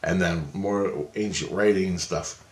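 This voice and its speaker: A man's voice: low voice, unhurried, echoey room. A man rambling through a personal story in a casual monologue, restarting and repeating himself. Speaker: vlogger.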